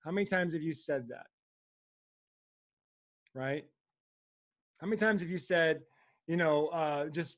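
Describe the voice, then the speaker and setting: High-voiced, fired-up man coaching viewers. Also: unhurried, pauses often. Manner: energetic, fired up, frequent "right?". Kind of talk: motivational talk to camera.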